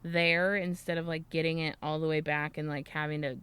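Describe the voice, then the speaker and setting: Young female podcast co-host, smooth clean tone, casual rambling storyteller, swears a lot. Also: low-pitched, level tone, brisk, a bit bright. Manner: rambling, swears freely, laughs often. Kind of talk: casual chat.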